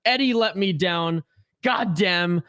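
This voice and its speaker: A man's voice: sits high, takes it slowly, sharp tone, dry recording, studio quality. A man hosting a hockey watch-along live stream, chatting and ranting casually with viewers. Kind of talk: casual live-stream chat and game commentary.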